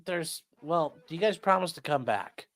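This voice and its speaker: A man's voice: a little high, lively intonation, moderate pace, a bit bright. A man who is a lawyer chats casually on a livestream, joking and reading viewer comments aloud.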